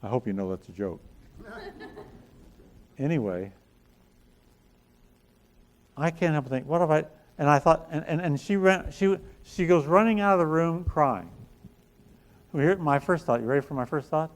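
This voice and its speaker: A man's voice: on the high side, expressive, moderate pace, pauses often. A middle-aged man giving a motivational talk on a conference stage, telling folksy stories with self-deprecating jokes. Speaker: speaker at a chiropractic business conference. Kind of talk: motivational talk to a live audience.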